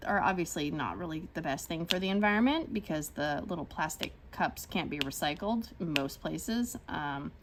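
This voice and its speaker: A woman in her thirties chatting casually in a rambling, animated way while she crafts, with lots of fillers. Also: low-pitched, moderate pace, few pauses, noisy background. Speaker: crafting channel host.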